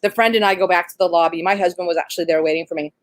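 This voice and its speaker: A midwife and doula tells a birth story in a rapid-fire, animated, conversational style full of fillers. Her voice sits at a middle pitch, and the recording is dry and close with no room sound.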